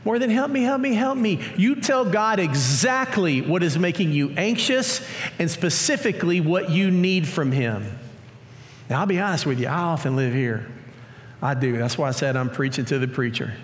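A male pastor preaching a sermon in a lively, story-acting way, recorded in a church. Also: fairly high pitch, moderate pace. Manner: animated, acts out scripture stories. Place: church auditorium. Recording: long church hall reverb.

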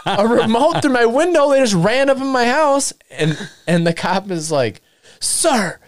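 A man telling a story in casual chat, animated, laughing often and acting out quotes. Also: extremely high pitch, moderate pace, no room sound, studio quality. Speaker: podcast guest storyteller.

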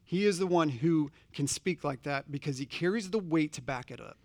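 A man's voice: on the high side, expressive, moderate pace, creaky, a little mellow, dry recording. A man preaching a sermon, earnest and conversational, posing direct questions to his congregation. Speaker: pastor.

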